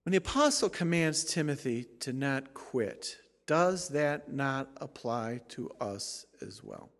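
Emphatic pastor preaching in a reverberant hall. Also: male voice, mid-range voice, sing-song, slow pace. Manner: emphatic preaching, swings from quiet asides to loud rising exhortation. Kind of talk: sermon.

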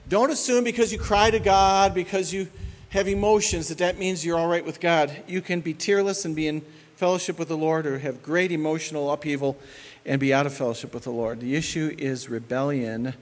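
A middle-aged male pastor preaching a sermon in an animated way, acting out the voices of the people he describes. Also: on the high side, a little fast, long reverb tail.

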